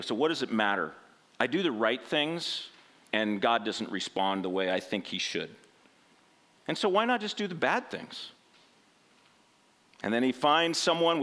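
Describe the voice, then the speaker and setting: A man's voice: medium pitch, fairly bright tone. A man preaching a sermon in a conversational way, often asking rhetorical questions and checking in with "right?".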